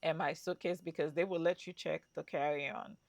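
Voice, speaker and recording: A woman's voice: low-pitched, steady tone, moderate pace, vocal fry, a little mellow, no room sound. A woman telling her travel story in a chatty vlog, with asides to the viewer. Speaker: travel vlogger. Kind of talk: casual travel vlog narration.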